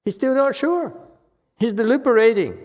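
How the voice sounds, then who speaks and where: In a temple lecture hall with long reverb, a Buddhist monk gives a dharma talk in an extremely high, animated, slightly mellow voice at normal speed. He's blunt and scolding, repeatedly asking his audience whether they understand.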